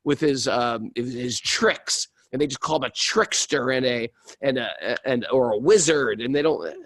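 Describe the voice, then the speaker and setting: A man's voice: mid-range voice, a little slow, a bit bright. A middle-aged man hosting a casual spiritual podcast, enthusiastic and self-deprecating, telling stories with animation. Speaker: podcast host.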